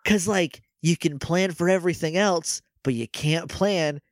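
A man co-hosting a casual podcast, retelling an episode in an animated, chatty way full of "like.". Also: fairly high pitch, a little slow, no echo, clean studio sound. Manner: animated, chatty, heavy use of "like", acts out quoted lines. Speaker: podcast co-host.

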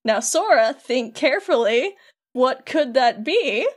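A gleefully cruel villainess taunts in a theatrical, sing-song way, as a woman recounting a game puts her on. Her voice sits fairly high and every word drips with fake sweetness. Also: lively intonation, normal speed. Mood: taunting. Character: mocking, melodramatic villainess, sly and theatrical.

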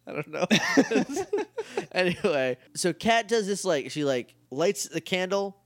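A man's voice: high voice, dry recording, clean studio sound. A man co-hosting a podcast, recapping a show in casual chat, talking animatedly with many "like" fillers. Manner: animated, quick, lots of "like" fillers. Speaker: podcast co-host.

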